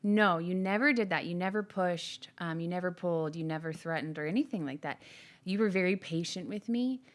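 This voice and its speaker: A woman's voice: on the low side, a little fast. A middle-aged woman, a pastor's wife co-hosting a podcast, talking openly and animatedly with her husband. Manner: open, animated, laughs easily. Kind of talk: casual conversation with her husband.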